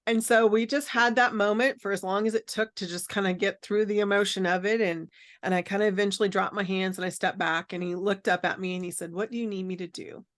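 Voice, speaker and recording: A woman's voice: medium pitch, steady tone, fairly quick. A middle-aged woman telling a personal caregiving story as a podcast guest, earnest and reflective, with frequent fillers and restarts.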